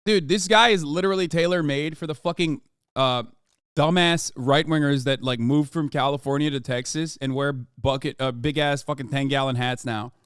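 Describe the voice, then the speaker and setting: A man's voice: fairly high pitch, moderate pace, fairly bright tone, clean tone, no echo, clean studio sound. A man streaming his reaction to a video in a sarcastic, profane, mocking way. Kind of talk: casual reaction commentary.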